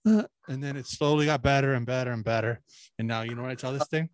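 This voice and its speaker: A man's voice: medium pitch, fast talker, dry recording. A man co-hosting a crude podcast, telling rambling, profane stories and mimicking people he quotes. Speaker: podcast co-host. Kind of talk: crude casual chat.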